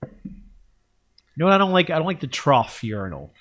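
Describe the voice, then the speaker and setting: Animated, higher-voiced man telling stories. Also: moderate pace. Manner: animated storytelling, acts out quoted voices. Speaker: podcast co-host. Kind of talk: casual comedic chat.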